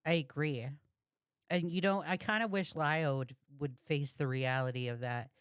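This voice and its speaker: A woman's voice: deep voice, fairly even intonation, normal speed, smooth, dry recording, clean studio sound. A woman giving blunt, profane, heated reaction commentary on a video she is watching. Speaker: reaction streamer.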